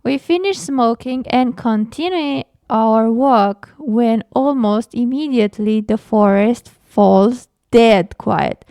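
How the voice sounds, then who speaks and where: A young woman reading a scary story aloud, halting to react with gasps and nervous laughs. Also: on the high side, dark tone, no echo. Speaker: horror story reader and reactor.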